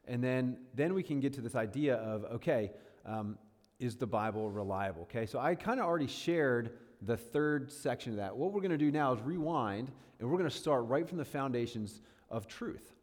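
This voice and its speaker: A chatty man in his thirties gives a casual sermon-style talk, mid-pitched, often checking in with his listeners. His voice carries a long reverb from a large hall. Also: lively intonation, normal speed. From northern New York State. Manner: chatty and self-deprecating, lots of fillers and checks. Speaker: guest speaker.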